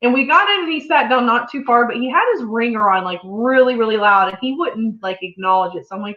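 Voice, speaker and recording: A woman's voice: fairly high pitch, fast talker, few pauses. A young adult woman co-hosting a casual farm livestream, laughing often and telling stories animatedly. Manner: giggly, animated storyteller. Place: home room on a farm. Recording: dull, echoey room audio.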